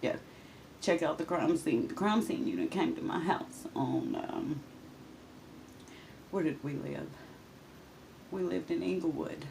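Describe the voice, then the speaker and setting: A woman's voice: sits low, measured pace, gravelly, pauses often, a little mellow, slight background noise, low-quality recording. A woman speaking in a raw, emotional confessional monologue, swearing and venting, often talking straight to people who are not there. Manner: addresses absent people directly.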